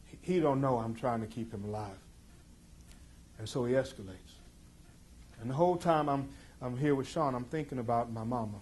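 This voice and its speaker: A man's voice: medium pitch, a little hiss or hum. Intense storytelling man. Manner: intense, emphatic, swings between loud and hushed. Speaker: speaker. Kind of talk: dramatic storytelling talk.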